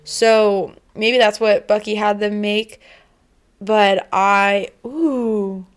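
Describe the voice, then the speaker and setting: A young woman co-hosting a casual fan discussion, excitable and quick to squeal when thrilled. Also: medium pitch, clear, resonant tone. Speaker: co-host.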